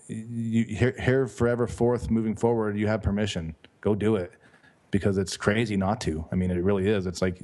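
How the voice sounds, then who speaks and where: A man's voice: low-pitched, mellow. A man being interviewed as a guest author and life coach, talking in a rambling, enthusiastic way and often correcting himself mid-sentence. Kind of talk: casual podcast interview.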